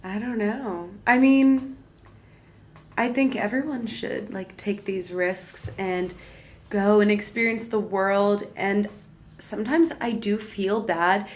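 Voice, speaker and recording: A woman's voice: mid-range voice, fairly even intonation, takes it slowly. A woman of twenty-four in casual podcast chat, candid and talkative with lots of fillers. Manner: candid, chatty, filler-heavy. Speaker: podcast guest.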